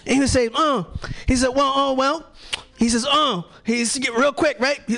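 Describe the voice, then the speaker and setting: A man doing a rambling stand-up bit at an open mic. He keeps tagging lines with "right?" and breaks into shouting yelps. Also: extremely high pitch, fairly even intonation, normal speed, gravelly. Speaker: stand-up comedian. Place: open mic comedy show.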